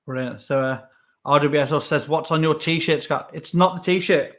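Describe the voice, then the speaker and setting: A man's voice: on the high side, normal speed. A man co-hosting a casual live chat show, easygoing with self-deprecating banter. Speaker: co-host.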